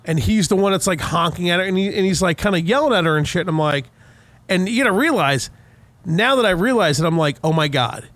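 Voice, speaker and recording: A young man co-hosting a podcast, telling a profane, animated story in casual chat. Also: sits high, quick pace, no room sound. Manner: profane, animated retelling with heated quoted outbursts. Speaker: podcast co-host.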